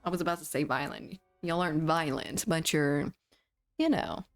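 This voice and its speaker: A woman's voice: deep voice, normal speed, no echo, faint music behind. A woman with a Southern US accent chatting casually with her livestream chat while playing a game, laughing often and swearing freely. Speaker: streamer.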